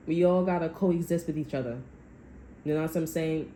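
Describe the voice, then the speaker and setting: A woman's voice: deep voice, moderate pace, warm tone, roomy sound, slight background noise, low-quality recording. A woman giving a tarot reading, talking to her viewers in a blunt, profane, sassy way. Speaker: tarot reader. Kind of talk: casual spiritual reading monologue.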